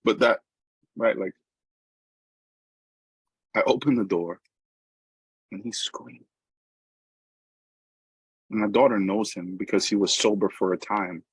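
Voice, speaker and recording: A middle-aged man with a New York accent speaks in a low, slightly husky voice. He tells his recovery story in a loose, conversational way and keeps checking in with "right?" asides. The recording is dry and close, with no room echo. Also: measured pace, long pauses. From New York, USA. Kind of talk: personal recovery talk.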